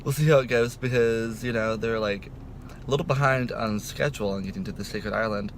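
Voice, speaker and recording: A man's voice: on the low side, fairly quick, slight background noise. A young man chatting dramatically about a book in a casual reading vlog, full of fillers. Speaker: book vlogger.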